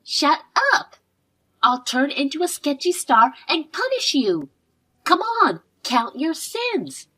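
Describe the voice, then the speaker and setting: A woman voicing a fierce, angry seven-year-old girl who shouts shrilly. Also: high-pitched, sing-song, slow, full character voice. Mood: furious.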